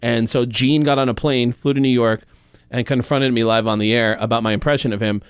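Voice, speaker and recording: A male comedian and impressionist telling anecdotes in animated, quick casual storytelling. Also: medium pitch, smooth, no room sound, clean studio sound.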